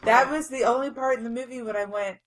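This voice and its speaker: A woman's voice: a little high, fast talker, rough recording. A young adult woman co-hosting a casual movie review podcast, blunt and exasperated, cracking jokes. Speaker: podcast co-host.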